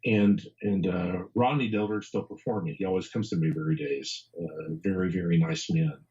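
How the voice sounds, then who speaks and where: A man interviewed as an author and historian talks casually and rambles, often repeating words and chuckling. His voice is low-pitched with a dark tone at normal speed, and the recording's highs are cut off.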